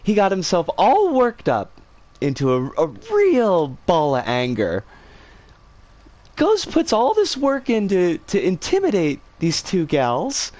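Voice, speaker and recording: A woman streamer casually telling a story, animated and swearing freely. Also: fairly low pitch, measured pace, no room sound.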